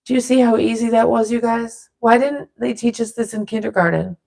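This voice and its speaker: A woman leading a silly vocal warm-up in a playful, rambling way, drifting into loose improvised rapping. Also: fairly high pitch, steady tone, brisk, gravelly. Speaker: vlogger leading a vocal exercise. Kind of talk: playful casual instruction.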